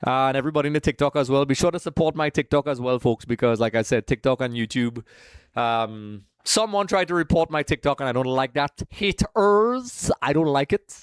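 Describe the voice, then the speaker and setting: A man's voice: medium pitch, fairly quick, clear, resonant tone, no room sound, clean studio sound. A man from Trinidad, hosting a live watch-along stream in a casual, chatty way, greeting viewers by name and calling them folks.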